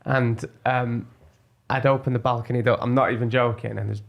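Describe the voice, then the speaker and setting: A man co-hosting a podcast, telling stories in a chatty, animated way. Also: mid-range voice, normal speed, creaky, dull audio. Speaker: podcast co-host. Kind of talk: casual chat.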